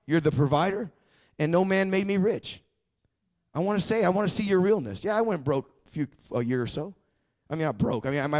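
Man, high voice, pastor, sermon, stammering restarts, rising fervor. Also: darkish tone. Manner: conversational testimony, swelling into fervent emphasis.

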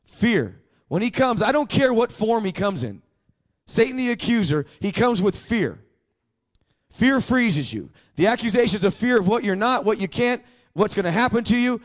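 A man's voice: sits high, sing-song, normal speed. A male pastor preaching a sermon, emphatic and prompting the congregation to repeat after him.

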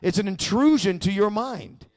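A man's voice: high voice, animated, normal speed, darkish tone. A male pastor preaching a sermon, emphatic and prompting the congregation to repeat after him.

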